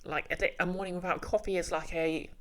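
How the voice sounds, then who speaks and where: A woman's voice: lowish voice, fairly even intonation, quick pace, fairly bright tone, rough recording. A woman streaming a game, chatting casually in a joking, self-deprecating way. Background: game music.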